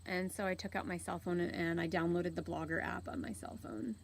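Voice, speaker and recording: A woman in her thirties, hosting, telling a personal story in an open, earnest, unhurried way with soft pauses. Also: on the low side, steady tone, gravelly, a little hiss or hum, poor audio. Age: 30s. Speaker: host.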